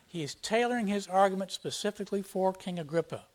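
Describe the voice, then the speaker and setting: A pastor with a high-pitched, animated voice delivers an expository sermon, talking fast with few pauses and a slightly mellow tone. He works through scripture verse by verse in a plain teaching manner, reading passages aloud with emphasis. His delivery is emphatic, and his force rises as he reads the text.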